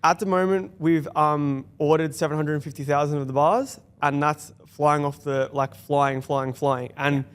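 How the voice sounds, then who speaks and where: A man's voice: on the high side, clean tone. A young Australian man telling his own story in a casual podcast chat, acting out other people's lines as he goes. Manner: fast, animated storytelling with quoted dialogue. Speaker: guest, business founder.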